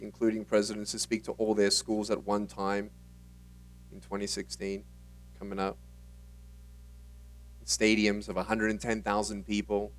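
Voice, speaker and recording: A motivational speaker at a conference, telling his own story in an animated way and acting out the dialogue. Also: on the low side, recorded from a distance. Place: conference stage.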